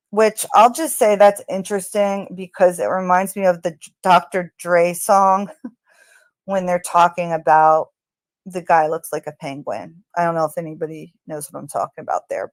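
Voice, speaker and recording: A woman casually narrating what she hears in a recording, halting often with ums and restarts. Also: on the low side, no room sound. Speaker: true crime commentator. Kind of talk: casual narration of audio analysis.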